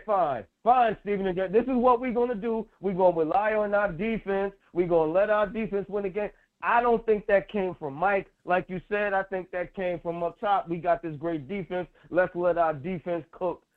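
A man co-hosting a sports talk show, excitable, repeating phrases and acting out what players said. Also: high voice. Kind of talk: animated sports talk chat. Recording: tinny phone-like line.

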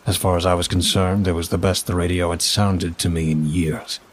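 Man, very deep voice, husky, measured first-person narration. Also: flat delivery.

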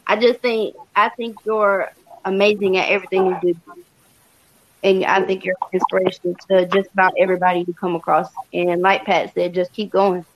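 A woman giving a tribute on a casual livestream, her voice sitting mid-range. She rambles and pauses with frequent fillers while she searches for what to say. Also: medium pitch, little pitch movement, highs cut off, a little hiss or hum. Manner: rambling, halting, sentimental with fillers.

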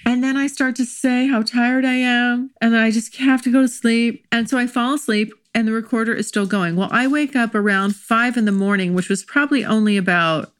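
A woman hosting her own podcast in casual solo chat, excitable and rambling, laughing often, recorded at a home microphone. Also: fairly high pitch, normal speed, few pauses. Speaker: podcast host. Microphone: desk microphone.

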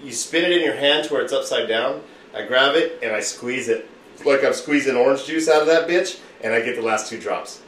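A boisterous man with a bright, forceful voice tells a rowdy story, swearing freely and acting out the other people in it. He sits back from the mic in an echoey room with faint noise behind him. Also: mid-range voice, brisk, far from the mic. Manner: profane, boisterous storyteller who acts out quotes. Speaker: podcast host telling a story. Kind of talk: casual storytelling among friends.

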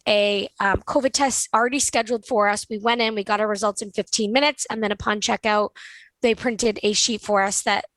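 A woman's voice: mid-range voice, fairly even intonation, brisk, fairly bright tone, no room sound, low-quality recording. A young woman co-hosting a podcast, upbeat and conversational as she leads into segments. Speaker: podcast co-host. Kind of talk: casual podcast chat.

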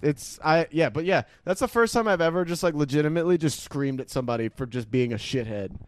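A young man talks with a high, lively voice that swings a lot in pitch. He swears freely and laughs through his stories on a casual podcast. The sound is dry and close. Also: quick pace, no room sound. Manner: profane, laughing storyteller acting out quotes. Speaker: podcast co-host.

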